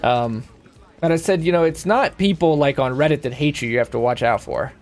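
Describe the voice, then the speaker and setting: A young male streamer with a slightly higher voice, talking off the cuff while he plays. He rants in a profane, rambling way, and his voice climbs when he gets worked up. Faint music plays behind him. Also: brisk, darkish tone. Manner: profane, rambling, heated and emphatic. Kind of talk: casual rant while playing a game.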